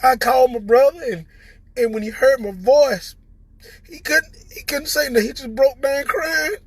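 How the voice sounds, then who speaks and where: A tearful man with a Southern American accent speaks in a strained, unusually high voice, breaking and stumbling over repeated words. His tone is husky and breathy, and the sound is close and dry with no room around it. He talks straight to viewers in a heartfelt personal testimony. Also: no echo. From Southern United States. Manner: halting, repeats words, stammering. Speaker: recovered patient addressing viewers.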